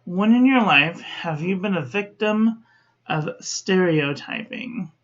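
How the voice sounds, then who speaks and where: Brief: woman host, unhurried chatty ink review, dull lo-fi home audio. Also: fairly low pitch, expressive. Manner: chatty, self-correcting, talks to viewers.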